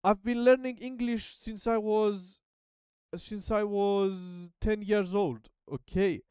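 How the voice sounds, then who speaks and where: A man chatting casually as a language-learning streamer, halting and repeating words while he searches for them. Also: high-pitched, darkish tone, smooth, no echo, muffled recording. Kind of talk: casual rambling chat.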